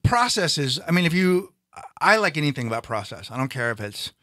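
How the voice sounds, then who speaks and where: A man's voice: fairly high pitch, sing-song, fairly quick, a bit bright, dry recording, clean studio sound. A man, a stand-up comedian, talking casually and rambling, often breaking off and restarting his sentences. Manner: rambling, self-interrupting, frequent restarts. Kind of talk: casual chat.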